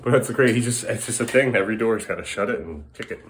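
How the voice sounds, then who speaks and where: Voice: medium pitch, rapid-fire, a little hiss or hum. A parent filming a casual home vlog indoors, speaking firmly but patiently to two young children and venting to the camera in between. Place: indoors at home, bathroom area.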